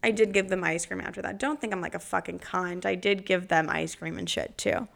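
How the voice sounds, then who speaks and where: A woman's voice: on the low side, fairly even intonation, brisk, gravelly, fairly bright tone. A young woman telling brash, profane stories about quitting jobs in a sarcastic storytime monologue.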